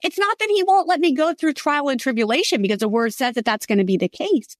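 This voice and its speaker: A woman author with a fairly high voice shares personal stories in an earnest, heartfelt manner. The sound is close and dry, without reverb. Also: lively intonation, fast. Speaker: author guest. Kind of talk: conversational faith interview.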